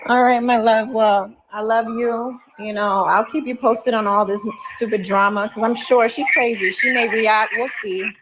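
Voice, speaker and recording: A woman's voice: on the high side, fairly even intonation, normal speed, few pauses, background noise. Emotional woman venting on a call. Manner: emotional, vents with repeated fillers like "you know". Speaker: wife on a phone call to her jailed husband. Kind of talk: casual phone conversation.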